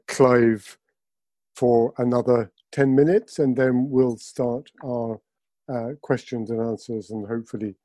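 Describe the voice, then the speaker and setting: A man moderating a panel, handing over in a slow, halting way. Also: mid-range voice, warm tone, no echo. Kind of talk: chairing a panel.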